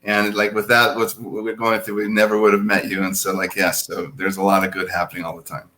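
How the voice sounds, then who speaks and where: A man speaking as a guest in a live video-call interview, halting and repeating words as he searches for them. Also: on the low side, completely flat delivery, sharp tone, a little hiss or hum. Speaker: guest from a nonprofit network.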